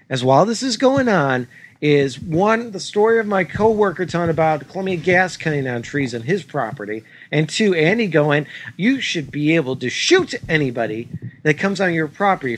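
A man co-hosting a comedy podcast, telling a story in an exasperated, swearing, animated way. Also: on the high side. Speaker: podcast co-host. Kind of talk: casual chat, ranting story.

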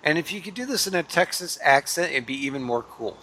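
A man's voice: a little high, expressive, quick pace, pushed and bright. A man hosting a comedic podcast, joking around playfully and steering the discussion. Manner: playful, joking, laughs easily. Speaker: podcast host. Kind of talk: casual comedic podcast chat.

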